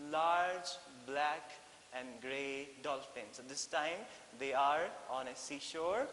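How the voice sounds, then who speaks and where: A man with an Indian English accent teaching a story lesson, animated and repeating things, mixing in Hindi phrases. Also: on the high side. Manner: animated, mixes in Hindi, many fillers and repeats. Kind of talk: classroom lesson explaining a story. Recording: echoey room with faint hiss.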